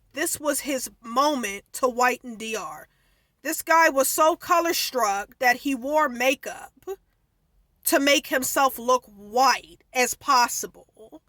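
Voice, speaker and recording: A woman's voice: high voice, pushed and bright, dry recording. A woman giving casual, opinionated commentary as a vlogger, wandering into digressions to explain history.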